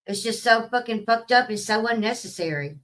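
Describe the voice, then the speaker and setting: A woman rants to camera in a bright, fairly high voice, blunt and full of swearing. She rambles loosely from thought to thought, and her voice sits a little back from the mic. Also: expressive, a little fast, distant mic. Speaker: vlogger. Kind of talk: casual rant to camera.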